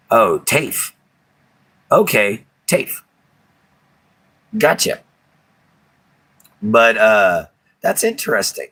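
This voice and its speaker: A man with a drawl talks loosely to his live viewers, rambling in a folksy way and chuckling often. His voice sits low and comes out husky. He speaks with a forceful, bright edge. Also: low-quality recording. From Texas. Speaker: livestream host. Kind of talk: casual chat with live viewers.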